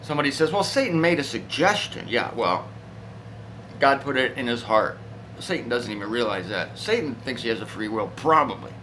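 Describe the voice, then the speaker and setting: A man giving an informal, animated Bible talk, conversational and playful, acting out voices as he goes. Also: mid-range voice, brisk, slight background noise, poor audio. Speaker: Bible teacher.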